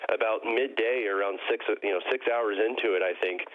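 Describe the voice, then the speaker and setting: A man's voice: lowish voice, a little fast. Hesitant man on a tinny phone line. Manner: hesitant, many ums and uhs. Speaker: caller. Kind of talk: phone-in interview.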